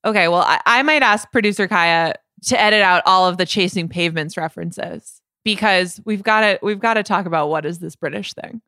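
A woman's voice: lowish voice, fairly quick, few pauses, bright, forceful tone, no echo, studio quality. A woman co-hosting a podcast in casual chat, joking and posing questions to her partner. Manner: chatty, joking, poses questions. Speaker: podcast co-host.

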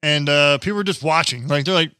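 A man's voice: on the high side, fast talker, sharp tone, clear, resonant tone, no echo, studio quality. A man co-hosting a casual comedy chat, swearing freely and joking crudely while reading out news stories. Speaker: podcast co-host.

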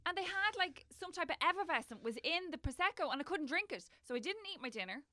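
A woman with an Irish accent telling a restaurant story in casual chat, sweary and quick. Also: extremely high pitch, very animated, bright, forceful tone, no room sound. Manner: brisk anecdotal, sweary.

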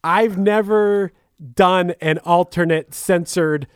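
A man co-hosts a music podcast with eager, laughing energy. His voice is high and smooth, and the recording is dry and close, with no room sound. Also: steady tone, slow pace, no echo. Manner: enthusiastic, laughs often. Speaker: podcast co-host. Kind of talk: casual podcast chat.

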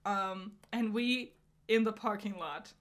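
A woman's voice: mid-range voice, takes it slowly. A woman co-hosting a podcast, chatting casually with many fillers and frequent laughs. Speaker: podcast co-host. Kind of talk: casual chat.

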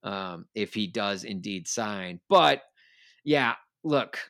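A man's voice: lowish voice, animated, slow pace, vocal fry, a bit bright, no room sound, clean studio sound. A man co-hosting a casual sports podcast, rambling and laughing as he talks. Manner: rambling, self-deprecating, laughs often. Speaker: podcast co-host.

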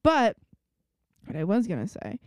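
A woman's voice: mid-range voice, wildly swooping pitch, unhurried, dry recording, clean studio sound. A young adult woman co-hosting a podcast, chatting casually about a TV show and laughing often. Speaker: podcast co-host. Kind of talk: casual chat recapping a TV show.

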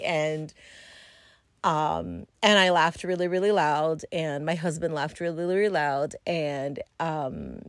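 Woman host, low voice, rambling podcast story, foul-mouthed, dry close mic. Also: animated, slow, no echo. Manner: rambling, swears freely, many fillers. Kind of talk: casual solo storytelling.

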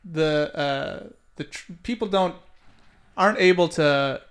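A podcast co-host in casual chat, easygoing and agreeable, often pausing and restarting mid-thought. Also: mid-range voice.

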